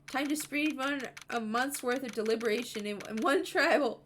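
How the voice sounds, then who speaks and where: A woman's voice: high-pitched, normal speed, noisy background. A woman streaming a game, chatting casually in a playful, giggly way. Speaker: VTuber streamer. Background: game music.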